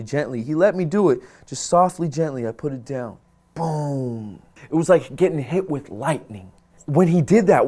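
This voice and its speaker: A man from the United States telling a personal story to camera, acting out what people said and dropping into a hushed voice for tense moments, with Arabic phrases mixed in. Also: mid-range voice. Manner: dramatic retelling, acts out quoted lines and drops to hushed tones.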